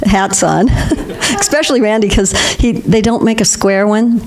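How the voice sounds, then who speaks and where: With a medium-pitched voice, a measured pace and hardly any pauses, an older woman gives a spiritual talk as guest speaker to a congregation. Her storytelling is warm, punctuated by frequent laughter.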